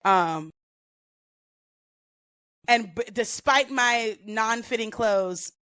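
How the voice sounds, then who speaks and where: A woman guest on a podcast, telling stories in a casual, profane and animated way with lots of slang. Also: a little high, extremely slow, clean tone, no room sound. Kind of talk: casual storytelling.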